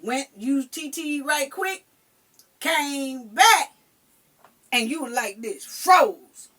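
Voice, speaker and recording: A mother telling a personal story in casual chat, emphatic and animated, swearing now and then. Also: high-pitched, extremely slow, recorded from a distance.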